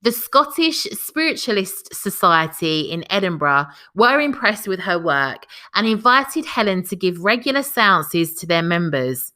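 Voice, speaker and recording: A woman's voice: medium pitch, very animated, unhurried, few pauses, bright, forceful tone. A woman hosting a podcast, reading a scripted history narration and breaking off for chatty personal comments. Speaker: podcast host.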